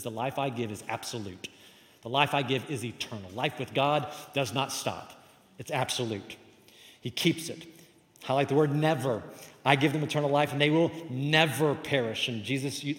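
A man preaches with emphatic swells, his voice climbing louder on key words and sinking softly after. His mid-range voice rings through a roomy hall with a long, trailing reverb. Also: medium pitch. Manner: emphatic, rises and falls in loudness for stress. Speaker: pastor. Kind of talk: sermon.

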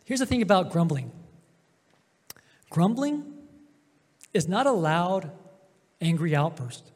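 A man preaching a sermon as pastor, emphatic, with drawn-out pauses and swings between loud and soft. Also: high voice, very animated, husky. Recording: long hall reverb.

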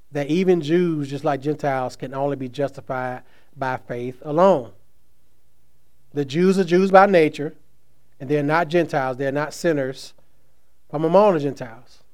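A male pastor delivering a sermon in a slightly raised voice. He stresses key phrases slowly and lets his phrase endings fall away quietly. Between the scripture passages he slips into relaxed asides with fillers. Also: on the high side, clean tone. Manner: preaches with slow emphatic stresses and trailing soft phrase endings.

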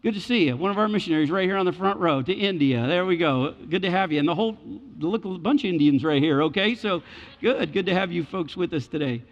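A man's voice: high voice, animated, fast talker. A man preaching a sermon as pastor, building in fervor and speaking straight to his congregation. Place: church sanctuary. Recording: dull echoing church hall.

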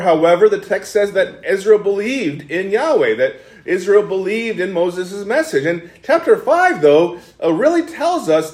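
A man preaching an expository sermon as pastor, animated, often restarting sentences and acting out quoted lines. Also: high-pitched. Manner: animated, acts out quoted speech with frequent restarts. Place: church sanctuary. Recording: echoey church room.

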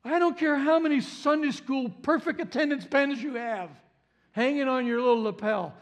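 A man with a high, light voice delivers a sermon as a pastor. He builds with repetition, leans on phrases again and again, and breaks into sudden sharp exclamations. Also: normal speed. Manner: impassioned, repeats phrases, jumps to high exclamations.

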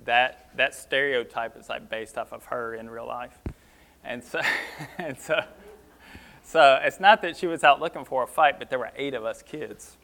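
A male pastor teaching from scripture in an easygoing, conversational manner. His voice sits at an ordinary middle pitch, and he talks plainly with a few fillers. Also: normal speed, fairly bright tone. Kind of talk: sermon teaching.

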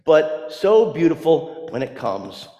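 A man preaching a sermon in a church, animated and humorous, acting out quoted lines with dramatic flair. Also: on the high side, slow pace, lo-fi sound. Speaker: pastor. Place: church sanctuary. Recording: echoey church sanctuary with long reverb.

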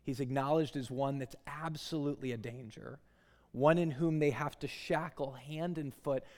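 A male guest preacher, likely in his thirties or forties, giving a dramatic sermon in a church that swings from hushed lines to loud ones. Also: mid-range voice, normal speed. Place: church sanctuary. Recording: long hall reverb.

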